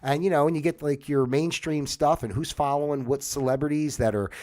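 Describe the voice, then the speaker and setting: A man's voice: a little high, steady tone, a little fast, darkish tone. A middle-aged man hosting a livestream, talking in a rambling casual monologue full of fillers and restarts. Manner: mocks a newscaster in a put-on solemn voice. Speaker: livestream host.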